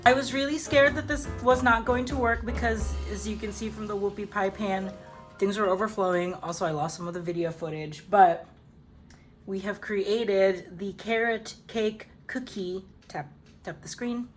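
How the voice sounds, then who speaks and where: A woman hosts her own cooking vlog from a home kitchen, talking through a recipe in a chatty, upbeat way. Her voice sits in an ordinary middle pitch, and she fills her sentences with casual "like" and "um". Soft music plays faintly underneath. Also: fairly even intonation, fairly quick. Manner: chatty, upbeat, full of "like" and "um" fillers. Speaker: cooking show host.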